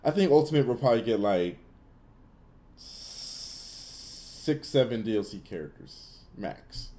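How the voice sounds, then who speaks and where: A young man hosts a casual gaming Q&A livestream, answering chat with blunt opinions in loose talk full of fillers. His medium-pitched voice is warm and animated, though he speaks slowly.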